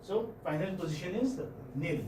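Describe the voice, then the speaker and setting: The man's voice is high and animated as he, an English professor with an Indian English accent, teaches phonetics in a classroom. His habits include frequent pauses, repeated words, and checking with students via "hmm?" and "okay?". He's captured at a distance in an echoing room with faint noise.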